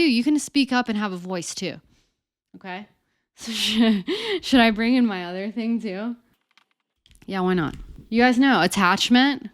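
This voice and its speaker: A woman coach teaching in a casual, animated, conversational way, speaking straight to her listeners. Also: mid-range voice, measured pace, pauses often, no echo, studio quality. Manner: animated, conversational, addresses listeners as you guys. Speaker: codependency coach.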